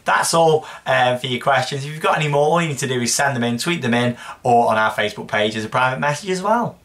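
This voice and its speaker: A man's voice: mid-range voice, quick pace, noisy background. A young man hosting a casual show, answering viewer questions in a chatty, rambling way. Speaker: host.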